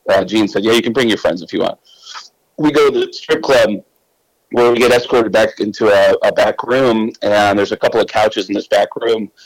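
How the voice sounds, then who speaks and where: A man's voice: lowish voice, no room sound, low-quality recording. A male comedian guest telling loose, casual anecdotes, swearing freely and laughing between lines.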